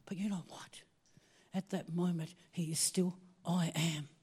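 A woman preaching a sermon, telling a personal story with animated swings between hushed asides and excited exclaiming. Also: fairly low pitch, moderate pace, breathy edge.

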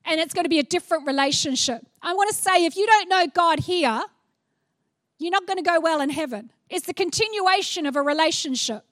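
A middle-aged woman preaching a sermon, animated and playful, acting out little scenes as she goes. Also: extremely high pitch, a little fast, no room sound, studio quality.

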